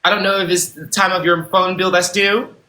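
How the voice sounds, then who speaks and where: A man hosts a livestream on his phone as a self-styled CEO, leading a job interview in a mock-formal, unhurried manner. His voice sits a little high with a bright edge. The room rings with echo and faint clicks. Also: little pitch movement. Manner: mock-formal, unhurried, slips into thanking viewers. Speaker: livestream host. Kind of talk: role-play job interview as a boss and CEO.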